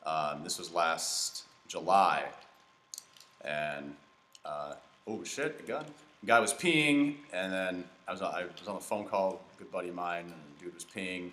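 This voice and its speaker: A man's voice: deep voice, sing-song, unhurried, a bit bright. A man hosting a comedy podcast, chatting casually while playing a video game and telling rambling stories with fillers and restarts. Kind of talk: casual chat while gaming. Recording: echoey room.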